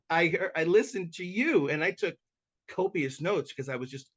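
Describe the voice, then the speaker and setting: On a muffled recording, a man whose voice is a little high speaks at a normal pace as a podcast guest. He works as a mediator and, by his own account, is a talker, so his interview storytelling is eager, animated, and chatty, full of restarts and repeated words.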